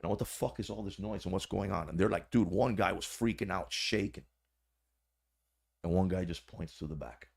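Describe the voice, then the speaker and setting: A man telling a story in a low voice with a gravelly, fry-laden edge. He is a podcast guest and former corrections officer. His talk is animated, slangy and full of swearing. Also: moderate pace. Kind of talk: casual storytelling.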